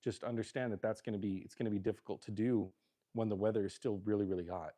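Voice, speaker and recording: A middle-aged Southern California man hosts a livestream from his home kitchen, chatting loosely and jokingly as he cooks. His voice is fairly low and dark, with fairly even intonation and a quick pace.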